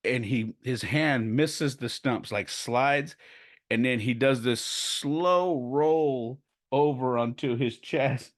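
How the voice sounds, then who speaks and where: A man in his forties, a podcast host, telling personal stories in a casual, animated way and going quiet and subdued in the heavier parts. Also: mid-range voice, takes it slowly, no room sound, studio quality. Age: 40s. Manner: animated storyteller who acts out quoted voices; turns quiet and subdued when speaking of loss.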